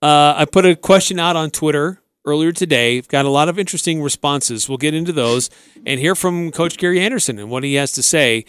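A male sports radio host with a fairly high voice, walking listeners through the action play by play. He speaks into a close mic, with a dry, dead studio sound and no room around him. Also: fairly quick, smooth, no room sound. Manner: animated play-by-play recounting.

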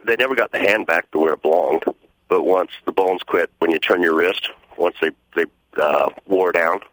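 A man's voice: deep voice, normal speed, fairly bright tone, no echo, low-quality recording. A middle-aged man calling in to a radio show, telling his story in a matter-of-fact, rambling way. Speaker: caller. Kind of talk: phone-in story.

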